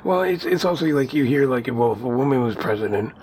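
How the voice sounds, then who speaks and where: A man with a mid-pitched voice chatting loosely on a podcast, rambling and often laughing. There is faint hiss behind him. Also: animated, fast talker. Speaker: podcast co-host. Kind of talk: casual conversation.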